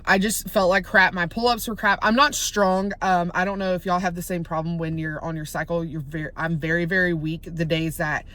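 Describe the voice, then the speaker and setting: A woman's voice: lowish voice, fairly even intonation, brisk, hardly any pauses, fairly bright tone. Chatty woman vlogging from a car. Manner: chatty, rambling, easily sidetracked. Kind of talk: casual talking vlog.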